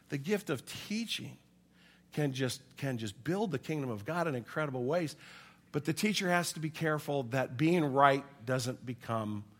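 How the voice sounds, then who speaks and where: A man preaching a conversational sermon, acting out quoted voices and swinging from loud emphasis to hushed asides. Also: medium pitch. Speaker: pastor.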